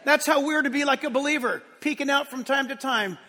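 High bright-voiced preaching man, reverberant. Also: brisk. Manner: emphatic preaching, swinging between loud declarations and hushed asides. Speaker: pastor. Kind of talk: sermon. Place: church sanctuary.

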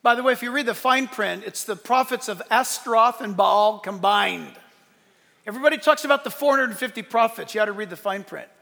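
A male pastor preaching an animated, joking sermon to his congregation. His voice is high and gravelly. The sound carries a long hall reverb. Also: fairly quick. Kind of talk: sermon with humor. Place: church hall with live congregation.

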